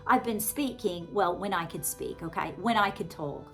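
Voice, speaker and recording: A woman in her forties, an author and vlogger, rambles chattily to her viewers in a lowish, slightly bright voice with vocal fry, talking at a moderate pace. Her Southern American accent is given a put-on British RP polish, and she gushes effusively with plenty of fillers while soft music plays behind her.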